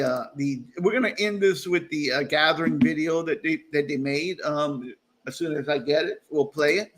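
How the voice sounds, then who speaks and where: A man's voice: a little high, a bit bright. A man hosting a casual live-stream chat over a video call, rambling with lots of fillers and often laughing at himself. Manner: rambling, full of fillers and restarts. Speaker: host.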